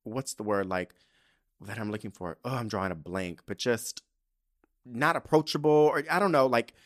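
A young man hosting his own podcast, ranting and telling stories in a sassy, profane, animated way. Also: medium pitch, normal speed. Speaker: podcast host. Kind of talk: casual solo podcast rant.

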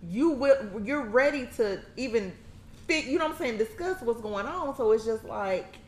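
A woman hosting a casual chat, talking animatedly, laughing often and acting out quotes in a high voice. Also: lively intonation, moderate pace. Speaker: podcast host. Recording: echoey room with faint noise.

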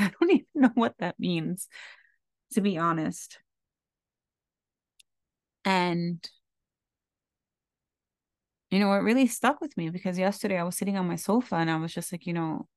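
Female podcast host, low gravelly voice, candid and confessional, dry close sound. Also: dry recording. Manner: heartfelt and confessional, casual swearing. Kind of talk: candid reflective monologue.

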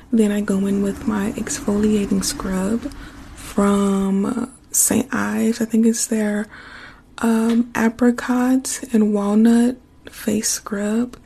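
Slightly hoarse soft-spoken woman. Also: mid-range voice, slight background noise. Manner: warm, affectionate, chatty with fillers. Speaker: ASMR streamer. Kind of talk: casual soft-spoken chat to viewers.

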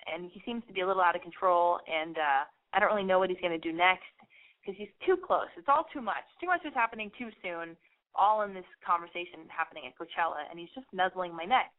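A woman's voice: fairly low pitch, quick pace. A woman hosting a radio show, telling stories in a casual, rambling monologue full of swearing. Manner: profane, rambling and animated storytelling. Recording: tinny phone-like radio sound.

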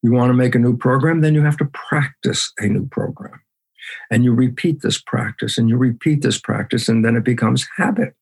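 A man's voice: medium pitch, moderate pace, darkish tone, husky. A man being interviewed as a guest biologist, talking emphatically and animatedly. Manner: emphatic, acts out his own side of conversations.

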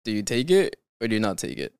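A man hosting a podcast in a smooth, resonant voice that is recorded close and dry. He rambles with fillers and laughs as he chats, then reads stories aloud. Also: lowish voice, huge pitch swings, quick pace, a little mellow, no echo. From California. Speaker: podcast host. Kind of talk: casual chat and reading stories aloud.

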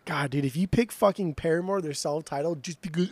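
A man's voice: a little high, fairly quick. A man co-hosting a podcast in casual chat, ranting in mock outrage and swearing as he ribs his friend. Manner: mock-outraged, swears a lot, animated ribbing. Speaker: podcast co-host.

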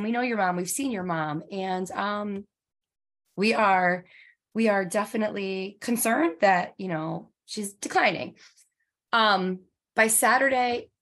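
Woman, forties, lower voice, halting and emotional storyteller full of restarts. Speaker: guest telling her story. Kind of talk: personal storytelling.

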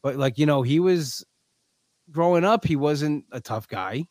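A man hosting a podcast, chatting casually and animatedly, often acting out scenes in quick put-on voices. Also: a little high, animated, darkish tone, dry recording. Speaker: podcast host. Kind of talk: casual chat.

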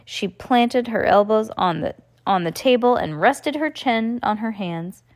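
Podcast host reading a children's storybook, woman, very lively in pitch. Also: unhurried. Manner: animated storytelling. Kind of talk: reading a storybook aloud to kids.

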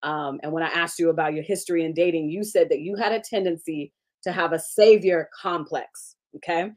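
A woman's voice: sits low, fairly even intonation, fairly quick, a little mellow. A woman hosting a podcast, chatting with enthusiasm and asking her guest questions. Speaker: podcast host. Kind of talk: casual interview chat.

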